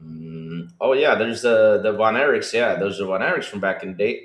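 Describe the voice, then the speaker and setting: A man co-hosts a gaming podcast livestream in casual chat, calling out viewers by name. His pitch leaps around with real liveliness, and the room adds a noticeable echo. He talks in an animated, loose way. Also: moderate pace, vocal fry, hardly any pauses. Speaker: podcast co-host.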